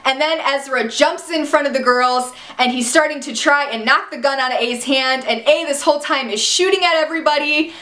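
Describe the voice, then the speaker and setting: A young woman excitedly recapping a TV episode, gushing and exasperated by turns. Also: sits high, a little fast, hardly any pauses, reverberant. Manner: gushing and exasperated, jumps into quoted shouts. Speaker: TV recap vlogger.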